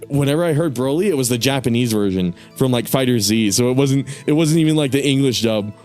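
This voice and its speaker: Young guy streamer, mid-pitched, foul-mouthed, loose and self-mocking. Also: lively intonation, fast, a little mellow, faint music behind. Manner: swears a lot, laughs at himself. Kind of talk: casual gaming stream chat.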